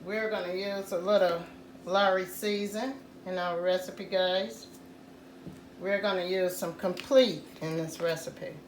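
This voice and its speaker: A woman hosting a casual home cooking tutorial, talking slowly and repeating "guys" to her viewers. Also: lowish voice, fairly even intonation, echoey room, slight background noise. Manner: slow, repetitive, says "guys" often. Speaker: cooking channel host.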